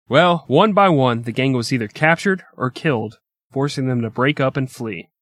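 Brief: male podcast co-host, bright animated delivery, wisecracking and profane, dry close mic. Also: mid-range voice, moderate pace, no echo. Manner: jokey, swears, bursts into silly old-timey gangster voices. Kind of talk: casual comedic chat.

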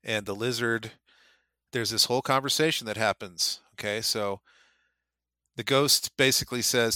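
Guy with a bright voice cohosting a podcast, reads passages aloud with energy. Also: medium pitch, normal speed, long pauses, dry recording, studio quality. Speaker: podcast co-host. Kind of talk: casual book discussion with reading aloud.

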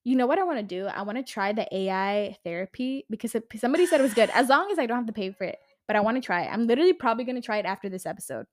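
A woman's voice: fairly high pitch, expressive, racing, hardly any pauses. Rambling young woman, chatty podcast host. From Los Angeles area. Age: 20s. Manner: rambling, chatty, swears freely, says "like" and "literally" often. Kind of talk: casual solo podcast chat.

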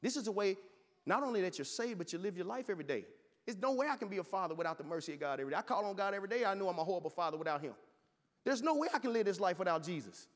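A man's voice: sits high, expressive, racing, fairly bright tone, long reverb tail. A male pastor preaching with passion, telling a story and often restarting his words. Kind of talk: sermon.

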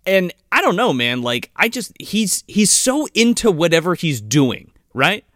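A man's voice: high-pitched, sing-song, a little slow, fairly bright tone, dry recording, clean studio sound. A man co-hosting a casual movie podcast, swearing freely, laughing often and acting out lines from the film. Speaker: podcast co-host. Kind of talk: casual movie-review chat.

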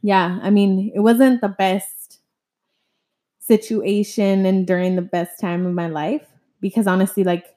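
A woman's voice: mid-range voice, level tone, unhurried, mellow. A young woman telling a personal story in casual chat, rambling, filler-heavy and swearing freely. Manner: chatty storytelling full of "like" and swearing.

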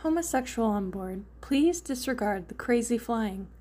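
A woman's voice: a little high, expressive, normal speed, darkish tone. A woman voicing a smirking, snarky young man in a fan fiction reading. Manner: smirking, dry.

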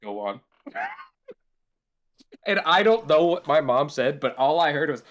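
A man's voice: a little high, lively intonation, measured pace, fairly bright tone. Young man telling a rambling story. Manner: rambling storytelling with profanity and laughter; acts out quoted voices. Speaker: podcast host. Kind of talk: casual chat.

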